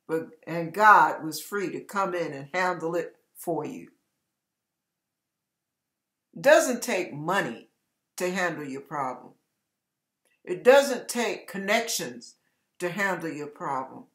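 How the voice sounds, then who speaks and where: A hoarse woman giving an encouraging devotional message as an online ministry preacher, with emphatic, repeated exhortations. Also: fairly low pitch, animated, unhurried, fairly bright tone. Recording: echoey room.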